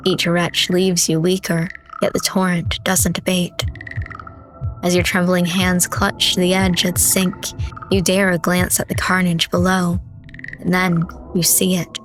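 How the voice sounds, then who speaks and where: Woman reading horror narration, low and flat. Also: faint music behind, rough recording. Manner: slow, dramatic reading. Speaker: streamer. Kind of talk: reading a horror visual novel aloud.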